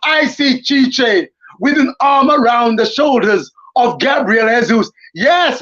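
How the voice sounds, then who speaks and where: High-pitched excitable man, slow delivery. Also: dull audio. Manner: theatrical, exclamatory, self-aware commentary. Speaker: watchalong commentator. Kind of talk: excited live football commentary.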